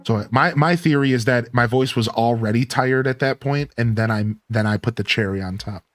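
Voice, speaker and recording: Talking with the people watching his stream, this gaming streamer rambles in a laid-back way, peppering his speech with "like" and "you know." His mid-range voice is a bit worn and moves at a moderate pace, captured with studio quality and no echo.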